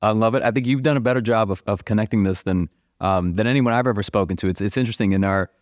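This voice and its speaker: A man hosting an interview podcast, talking enthusiastically with quick restarts. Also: lowish voice, no echo, clean studio sound. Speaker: podcast host. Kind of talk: interview conversation.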